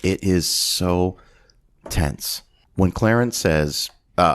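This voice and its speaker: A man's voice: low voice, drawn-out words. A man in his thirties hosting a casual movie podcast, retelling scenes with acted-out voices. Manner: animated retelling, acts out lines in voices. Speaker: podcast host. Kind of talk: casual movie recap chat.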